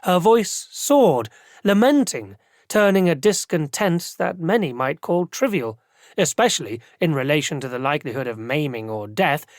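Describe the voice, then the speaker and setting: An audiobook narrator telling the story as a thoughtful male prelate, in measured, expressive narration. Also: on the high side, dry recording. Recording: dry close studio sound.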